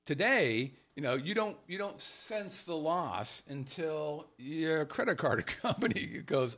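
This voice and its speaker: Male talk show host, lively swinging pitch, salty and animated, slips into voices for quotes. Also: moderate pace. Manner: animated, swearing, acts out quotes in funny voices. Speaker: podcast host. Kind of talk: casual chat show talk. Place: Las Vegas.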